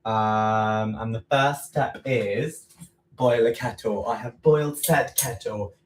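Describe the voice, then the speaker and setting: A man's voice: on the low side, slow pace, far from the mic. A man chatting casually while baking in his home kitchen, rambling and correcting himself. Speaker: baking livestream host. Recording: roomy kitchen, away from mic, faint noise.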